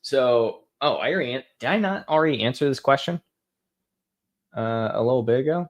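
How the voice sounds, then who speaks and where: A man's voice: mid-range voice, lively intonation, a little fast. A young man hosting a live question-and-answer stream, talking offhand with lots of fillers and restarts. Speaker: host answering viewer questions. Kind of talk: casual live Q&A.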